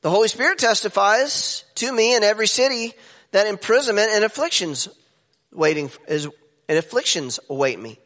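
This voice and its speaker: A man preaching a sermon as pastor, animated and jumping up in pitch for emphasis. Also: moderate pace. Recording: echoey hall with long reverb.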